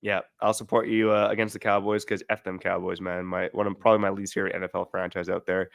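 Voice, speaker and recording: A young Canadian man co-hosting a sports podcast, going through his picks in a steady, list-like way with frequent "uh"s. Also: sits low, quick pace, creaky, hardly any pauses, no echo, clean studio sound. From Surrey, Canada. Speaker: podcast co-host. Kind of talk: sports podcast rundown and ad read.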